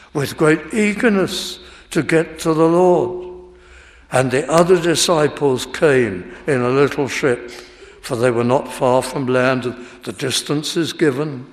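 A man preaching an expository sermon, reading verses and explaining them with deliberate emphasis. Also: on the high side. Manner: slow, deliberate Bible exposition with rising emphasis. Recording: long hall reverb.

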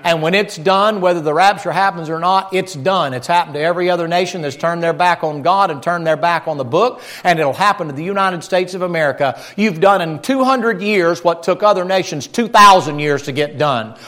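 A man preaching a folksy, animated sermon and joking with his congregation. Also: sits high, fairly quick, few pauses.

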